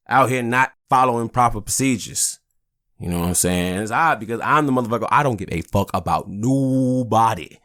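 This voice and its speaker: A man's voice: medium pitch, fairly bright tone. A man hosting a podcast, ranting angrily and swearing a lot, often asking "you know what I'm saying?". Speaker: podcast host. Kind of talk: casual ranting monologue.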